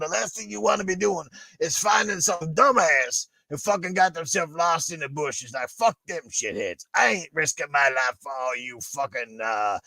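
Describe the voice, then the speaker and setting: Brash gravelly man ranting crude jokes. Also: a little high, no room sound, rough recording. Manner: brash, profane, loud bursts. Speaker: podcast co-host. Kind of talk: crude comedic rant.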